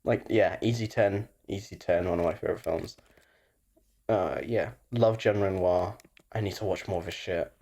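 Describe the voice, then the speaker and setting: A man's voice: sits low, normal speed, creaky, darkish tone. A man co-hosting a casual film review podcast, laid-back, laughing often and swearing casually. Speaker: podcast co-host.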